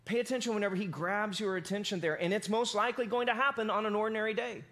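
A pastor preaching a sermon in a casual, conversational, animated storytelling manner. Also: male voice, high-pitched, quick pace.

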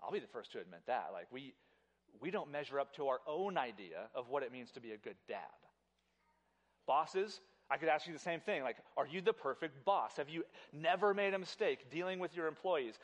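A man preaching to a congregation in an emphatic, animated way, often doubling his words as he speaks directly to the room. His voice sits a little higher than most men's. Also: a little fast. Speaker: pastor. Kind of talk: sermon.

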